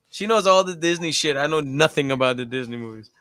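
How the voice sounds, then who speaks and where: A man's voice: fairly high pitch, lively intonation, quick pace, pushed and bright, no room sound, clean studio sound. A man co-hosting a live movie watch-along, joking and swearing in casual chat. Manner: profane, jokey. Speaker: podcast co-host.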